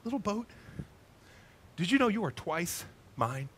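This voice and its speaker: A man voicing, within a sermon story, a gentle man who made a little boat and bought it back, speaking tenderly and softly. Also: sits high, very animated, unhurried, slight background noise, heavily acted.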